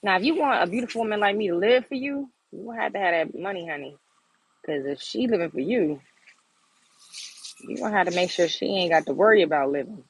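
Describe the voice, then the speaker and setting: A young woman livestreams from her garden on her phone, chatting in a sassy, blunt way and laughing often. Her medium-pitched voice is animated, fast, and a bit breathy, and the rough recording has no room sound.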